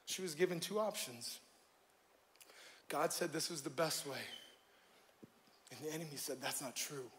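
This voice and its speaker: A male pastor preaching to a live congregation, joking and shifting between loud bursts and hushed moments. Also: fairly high pitch, moderate pace, pauses often, slight background noise. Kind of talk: sermon. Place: church stage before a live congregation.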